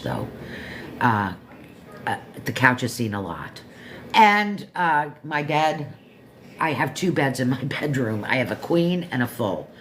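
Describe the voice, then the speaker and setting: Reviewing a book on her livestream, this fifties-aged woman has a rumbling low yet fairly bright voice. She meanders chattily, with plenty of side remarks and corrections of herself, over a faint hiss or hum.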